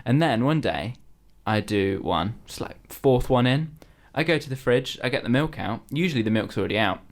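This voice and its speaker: A young man from England, a podcast host telling casual, animated stories about his office life. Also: mid-range voice, moderate pace. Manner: chatty storytelling, animated when quoting people. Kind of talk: casual chat.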